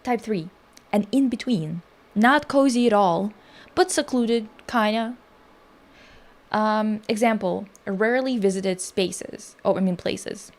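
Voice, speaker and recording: A woman's voice: mid-range voice, takes it slowly. Rambling, profane woman streamer. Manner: rambling, profane, self-interrupting. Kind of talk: casual livestream commentary.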